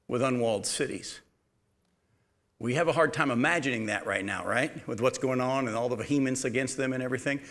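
A man preaching a verse-by-verse Bible study in a conversational way, checking in with his listeners through quick rhetorical questions and pressing hard on key points. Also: mid-range voice, fairly bright tone. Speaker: pastor teaching a Bible study. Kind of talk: verse-by-verse sermon.

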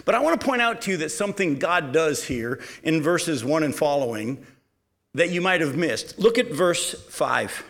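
Guy preaching a bible study, talks like a chat, tosses out "all right?" checks, voice sits a bit high. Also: lively intonation, moderate pace, gravelly, fairly bright tone. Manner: conversational, checks in with rhetorical questions. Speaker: pastor teaching a Bible study. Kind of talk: verse-by-verse sermon.

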